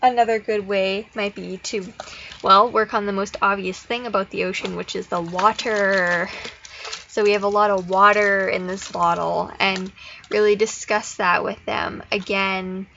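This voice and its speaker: A woman explaining speech therapy activities in a casual, encouraging way. She slows into a sing-song when she models phrases. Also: mid-range voice, flat delivery, gravelly, bright, forceful tone. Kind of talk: instructional explanation with modeled child-directed prompts. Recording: slightly dull audio with faint noise.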